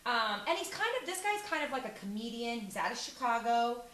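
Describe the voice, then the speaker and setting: A woman's voice: fairly high pitch, big pitch swings, fairly quick, fairly bright tone, roomy sound, slight background noise, poor audio. A woman co-hosting an online morning show, chatting casually and rambling with lots of fillers. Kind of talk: casual chat.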